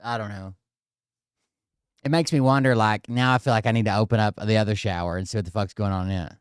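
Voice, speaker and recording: A man's voice: lowish voice, fairly even intonation, quick pace, smooth, dry recording, studio quality. A man vlogging from indoors at his home, telling a rambling, profane story straight to his viewers.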